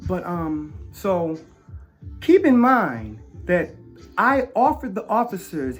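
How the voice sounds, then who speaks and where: A man giving an emotional personal account of an arrest, halting with fillers, dropping to low murmurs then bursting out loud. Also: sing-song, soft background music. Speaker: interviewee recounting arrest.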